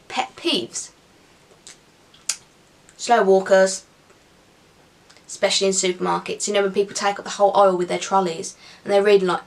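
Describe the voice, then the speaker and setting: A woman's voice: mid-range voice, creaky. A young woman chatting casually to camera in an upbeat Q&A vlog, with giggly asides. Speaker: vlogger.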